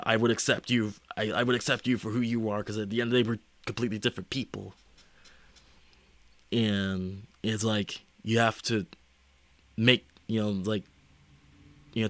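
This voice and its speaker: A young man streaming, talking casually in a rambling, halting way full of fillers and restarts. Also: mid-range voice, a bit bright, no echo. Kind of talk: casual livestream chat.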